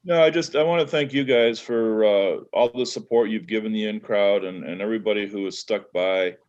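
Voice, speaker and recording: A man with a Midwestern American accent, a guest on a video call, talking earnestly and gratefully with halting fillers. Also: lowish voice, a little mellow, lo-fi sound. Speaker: guest, networking group leader. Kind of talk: casual chat.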